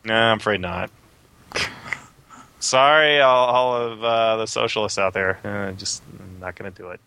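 A man in casual chat, making wry deadpan jokes. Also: fairly low pitch, a little slow, clean tone.

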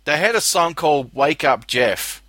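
Casting: Australian man, bright tone, dry close sound, blunt and foul-mouthed podcast talker. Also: on the high side, animated, normal speed, dry recording. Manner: blunt, profane, laughs often. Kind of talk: casual chat.

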